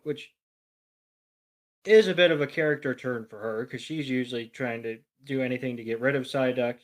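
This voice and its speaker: A man on a podcast, recapping a cartoon in an animated way, swearing freely and acting out characters' lines. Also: mid-range voice. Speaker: podcast co-panelist. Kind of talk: casual episode recap.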